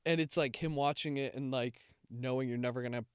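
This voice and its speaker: A man's voice: medium pitch, fairly even intonation, brisk, clean tone, no echo, clean studio sound. A young man co-hosting a casual chat, telling a rambling, heartfelt story with many fillers. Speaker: podcast co-host.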